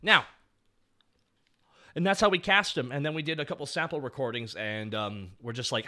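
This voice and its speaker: A man's voice: mid-range voice, normal speed, pauses often, bright, forceful tone. A man in his thirties doing casual stream commentary on his old series, rambling and swearing freely.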